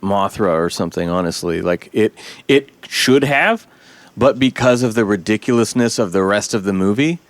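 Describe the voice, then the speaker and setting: A man co-hosting a podcast, talking casually about a film in an animated way, swearing now and then and slipping into quoted lines. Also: fairly low pitch, normal speed, no echo. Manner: animated, profane, breaks into quoted voices. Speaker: podcast host.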